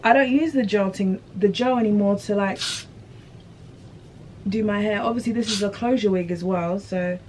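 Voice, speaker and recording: A young woman chatting casually to viewers as she installs a wig, slangy and animated. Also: medium pitch, moderate pace, noisy background. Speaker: beauty vlogger.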